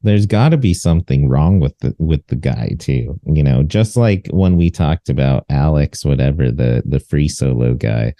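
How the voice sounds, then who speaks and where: A man's voice: a bass voice, expressive, normal speed, vocal fry, hardly any pauses, mellow, no room sound. A man co-hosting a podcast, talking in a loose, rambling way with many fillers and restarts. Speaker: podcast co-host. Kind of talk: casual chat.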